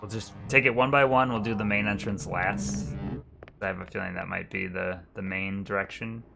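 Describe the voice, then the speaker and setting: A man commentates his game stream casually, joking and swearing freely. His voice sits slightly low with a gravelly edge, and clear game music plays behind him. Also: steady tone, moderate pace. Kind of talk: let's-play commentary.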